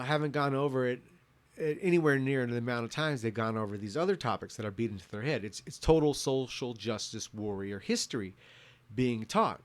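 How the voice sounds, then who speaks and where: A man's voice: medium pitch, no echo. A man in his thirties giving a drunken, rambling rant as a vlogger, swearing and restarting his sentences often. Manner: profane, rambling, many restarts.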